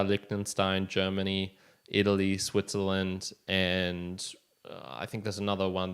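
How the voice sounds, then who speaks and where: A man's voice: on the low side, a bit bright, clear, resonant tone. A young man hosting a solo podcast, talking casually and rambling with frequent restarts and chuckles. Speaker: podcast host.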